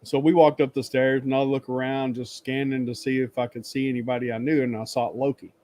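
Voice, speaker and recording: A man at a middle pitch hosts a relaxed livestream and tells a long, rambling story. He laughs often and bursts into the loud greetings he traded, through a simple webcam setup. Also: fairly quick, no echo. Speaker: livestream host. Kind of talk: casual chat. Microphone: webcam stream setup.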